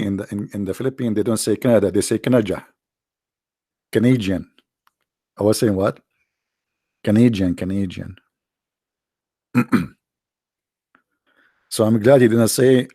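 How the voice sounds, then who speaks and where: A man with an Arabic accent hosts a sarcastic commentary, mocking and quick to slip into voices. His voice has a gravelly rasp. The sound is dry and close to the mic. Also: fairly low pitch, mellow, no echo. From Arab world. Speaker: host. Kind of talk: casual commentary.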